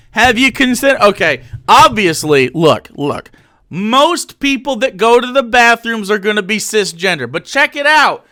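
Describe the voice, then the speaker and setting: High, bright-voiced ranting man. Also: sing-song, a little slow. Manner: sarcastic, profane, swings from mocking to shouting. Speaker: streamer reacting to a podcast. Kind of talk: ranting reaction commentary.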